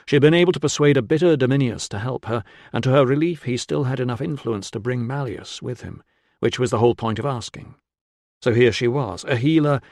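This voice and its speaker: A man reading an audiobook in a measured, steady scripted narration. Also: mid-range voice, no room sound, studio quality.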